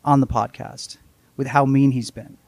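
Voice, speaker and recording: A man's voice: mid-range voice, steady tone, moderate pace, a little mellow, dry recording. A man co-hosting a podcast in casual chat, wry and long-winded, joking at his own expense on a home balcony. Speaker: podcast co-host.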